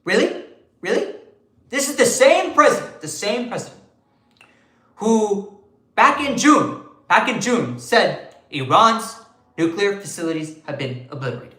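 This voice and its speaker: A man's voice: sits high, bright, forceful tone, echoey room, full character voice. A man doing an impression of an indignant older male politician who repeats phrases for emphasis.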